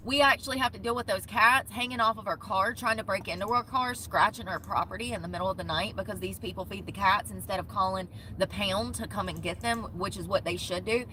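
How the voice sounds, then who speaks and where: A woman's voice: medium pitch, brisk, hardly any pauses, bright, forceful tone, slight background noise. A young woman vlogging about van life, telling an indignant, profane story in short bursts. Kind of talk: ranting vlog storytime.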